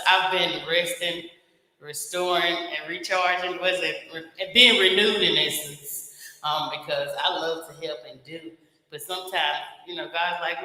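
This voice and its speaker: Guy giving a heartfelt testimony, sharp bright voice, pretty high for a man, echoey church hall. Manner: earnest, reflective, laughs now and then. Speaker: invited speaker. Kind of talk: spiritual testimony. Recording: echoey hall with long reverb.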